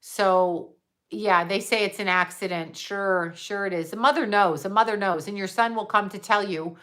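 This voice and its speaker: Woman, middle-aged, live-stream psychic, blunt and profane, halting restarts, bright tone. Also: mid-range voice. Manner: frank and profane, halting with restarts when emotional. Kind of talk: casual live-stream chat reading viewer comments.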